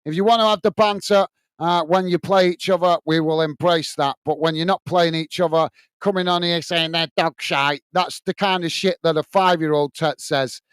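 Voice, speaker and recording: British man, fan channel host, chatty, lots of fillers, higher voice, dry close sound. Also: steady tone, normal speed, a bit bright, smooth, no room sound. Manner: chatty, calls viewers mate, many fillers. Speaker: watch-along host. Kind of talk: live match commentary and chat reading.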